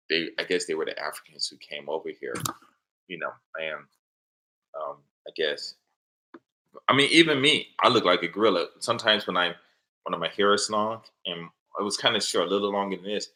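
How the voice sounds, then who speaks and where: A middle-aged man, a father and teacher, telling rambling, animated stories in casual chat and laughing at his own anecdotes. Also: low-pitched, slight background noise, rough recording. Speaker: father, teacher living in Japan.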